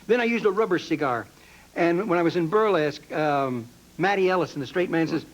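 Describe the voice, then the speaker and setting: A man's voice: on the high side, a little fast, dull audio. An older male comedian chatting as a talk show guest, telling rambling, stammering anecdotes. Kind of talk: casual chat.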